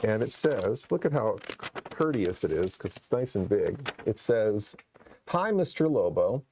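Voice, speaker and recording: A man's voice: on the low side, sing-song, unhurried, noisy background. A man hosting a horror movie show, chatting casually on a live stream and rambling with many restarts. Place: studio set.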